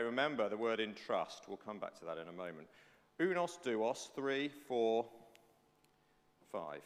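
A man giving a lively children's talk in a church service, telling a personal story before the reading's lesson. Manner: animated storytelling, lively pitch. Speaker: preacher. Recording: hall reverb.

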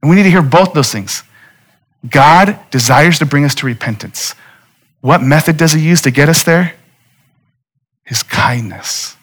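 A man's voice: on the high side, moderate pace. A man, a pastor in his thirties, preaching a sermon in an earnest, conversational way with direct appeals to his listeners.

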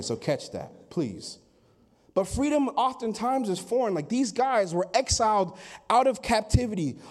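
A male pastor preaching with a high, lively voice that swoops up and down. He acts out grumbling voices and then climbs to loud, emphatic peaks as he drives each point home. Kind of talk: sermon.

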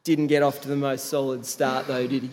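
A man's voice: mid-range voice, level tone, fairly quick, a little mellow. A man preaching a sermon as a pastor, telling the story in a conversational way. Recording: long hall reverb.

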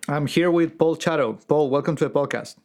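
A man hosting a podcast interview, speaking in a measured, halting way as he searches for words. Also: on the high side, a little mellow, soft background music. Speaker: podcast host.

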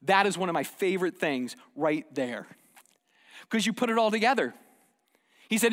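A man preaching a sermon, animated, dropping to hushed asides and rising to loud acted quotes. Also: high voice, brisk, long pauses. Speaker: pastor. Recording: long hall reverb.

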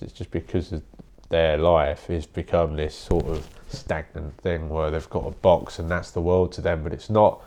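A man's voice: low voice, gravelly, mellow. A young man hosting a podcast, rambling bluntly in a casual solo monologue and swearing often. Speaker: podcast host.

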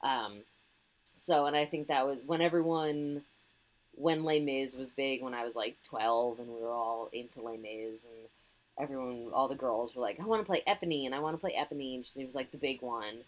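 A woman co-hosting a casual chat, expressive and a bit profane, often acting out quoted voices. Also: very deep voice, normal speed, rough recording. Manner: expressive, swears, acts out voices.

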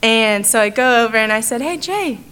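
Her voice fairly high, level, and smooth, a young adult woman speaks briskly, with a bright and forceful tone, as she gives her church a heartfelt personal testimony in an earnest, conversational manner.

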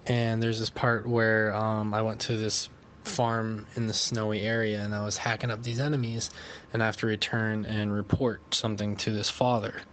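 A man telling a story in a casual voice message, profane and animated, as a podcast host. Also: fairly low pitch, moderate pace, slight background noise.

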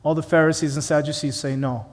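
A man's voice: a little high, animated, normal speed, long reverb tail. A man preaching a sermon in a church, emphatic and conversational, with many rhetorical questions. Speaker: pastor.

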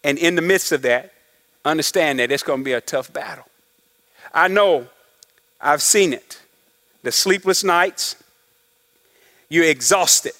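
A man's voice: on the high side, a little slow, pauses often, bright, forceful tone. A middle-aged man preaching a sermon as pastor, with conversational asides to the congregation and acted-out quotes. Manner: preaching with call-and-response asides; acts out couples' voices in quotes.

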